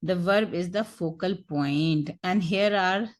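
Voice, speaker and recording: A woman's voice: fairly low pitch, slow. A woman giving a recorded grammar lecture, explaining step by step and asking rhetorical questions. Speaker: teacher.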